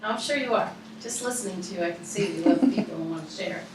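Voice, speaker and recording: A woman's voice: mid-range voice, quick pace, very noisy. A woman in the audience asking polite, hesitant questions at a seminar. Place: seminar room, audience seating. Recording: very echoey, from far off the mic, with ambience.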